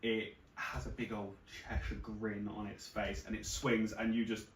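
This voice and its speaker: A man's voice: on the low side, little pitch movement, moderate pace. A man narrating as game master, loosely describing the action with frequent restarts. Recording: roomy distant mic, faint noise.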